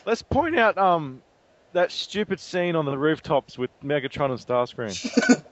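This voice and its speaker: A young man joking through a casual movie review, giggly and animated, on a dull lo-fi recording. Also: fairly high pitch, measured pace, slight background noise. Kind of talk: casual chat.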